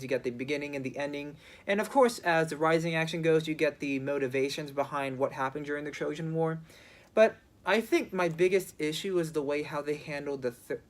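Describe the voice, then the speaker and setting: An amateur film reviewer speaking off the cuff at an ordinary mid pitch. The delivery is hesitant, full of restarts and "you know" fillers as each thought is worked out aloud. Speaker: movie reviewer. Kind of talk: casual spoken movie review.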